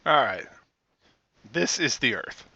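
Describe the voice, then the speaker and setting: A man chatting casually on a live stream, rambling with fillers and getting animated when he rants. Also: mid-range voice, takes it slowly, gravelly, husky, dry recording, dull audio.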